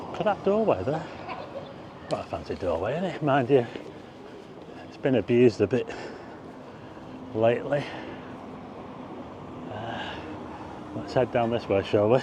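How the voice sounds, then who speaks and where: A man's voice: mid-range voice, a little mellow, slight background noise. A middle-aged man giving a chatty, meandering walking-tour commentary on town streets, with asides to the viewer. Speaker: vlogger. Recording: slightly dull outdoor street recording.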